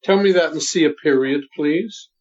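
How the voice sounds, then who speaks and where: A man's voice: a little high, darkish tone. Older man coaching, dull lo-fi sound. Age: 70s. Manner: deliberate, emphatic, instructive. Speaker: voice coach guest. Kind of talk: coaching interview talk.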